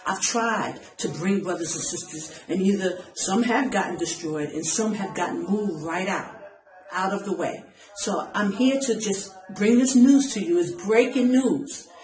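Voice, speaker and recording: In a low-quality, roomy recording, a woman preaches online in a mid-range, slightly mellow voice at a measured pace. This self-styled preacher sounds urgent and pleading, driving her points home by repeating phrases.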